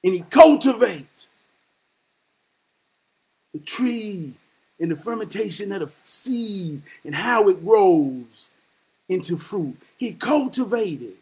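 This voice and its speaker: A man's voice: high voice, expressive, slow, pauses often, darkish tone, rough recording. A man giving a casual, preachy monologue. He speaks in a profane, repetitive, rhetorical way with a street-preacher cadence. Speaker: vlogger giving life talks.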